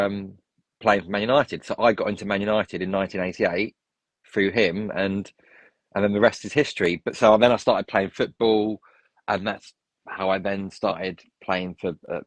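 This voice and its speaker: Englishman, low register, rambling anecdotal guest, dry close sound. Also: fairly even intonation, normal speed, no echo. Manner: rambling, full of restarts and tangents. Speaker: interview guest. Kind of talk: casual storytelling.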